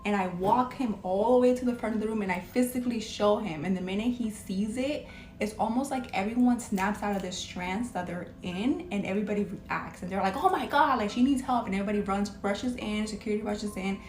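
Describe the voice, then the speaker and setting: A woman recounts a story from her hospital job in a loose, chatty way, with filler words sprinkled through her speech. Her voice has a middling pitch. It bounces around an echoey room. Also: brisk, darkish tone. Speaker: hospital registration worker telling a story. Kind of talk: casual storytelling from a social video clip.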